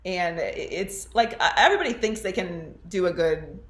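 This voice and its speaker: A man hosting a podcast, asking relaxed questions and adding brief agreements. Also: high-pitched, normal speed, reverberant. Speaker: podcast host. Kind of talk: casual podcast interview.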